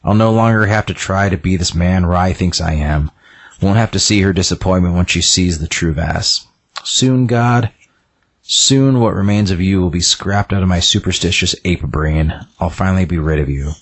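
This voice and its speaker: A man voicing a weary, disillusioned male priest, reading the lines plainly in his own low, husky voice. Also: moderate pace. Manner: plain read-aloud delivery, slight stumbles.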